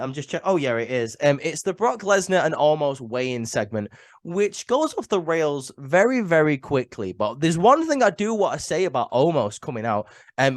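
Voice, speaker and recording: A man's voice: fairly high pitch, no room sound, studio quality. A man who is ill and sniffling, giving a chatty, opinionated solo review full of "um" and "like" and repeated words. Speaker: wrestling show reviewer.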